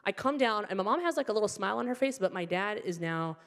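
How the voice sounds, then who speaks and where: A middle-aged woman doing stand-up, wry and self-mocking as she tells her stories with animated energy. Her voice sits at an ordinary pitch for a woman. Long reverb from the hall trails her words. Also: quick pace. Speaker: stand-up comedian. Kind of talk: stand-up storytelling. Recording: stage mic with hall reverb.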